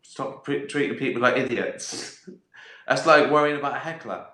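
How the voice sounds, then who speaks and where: A man's voice: medium pitch, normal speed, pushed and bright. A middle-aged man hosting a casual live stream, reading viewer questions and swearing often, breaking into laughter and acting out little voices. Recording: echoey room.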